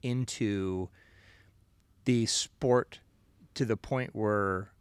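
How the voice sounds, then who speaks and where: A man's voice: on the low side, very slow, clean tone, dry recording. A man co-hosting a podcast, talking in a casual, rambling, opinionated way, full of "you know" and "right?". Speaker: podcast co-host.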